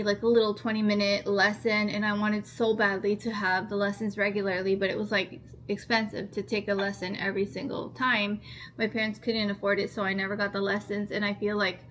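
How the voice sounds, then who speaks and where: A woman's voice: mid-range voice, pushed and bright. A woman in her thirties vlogging at home in a rambling, earnest casual chat. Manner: rambling, earnest, heavy use of "like".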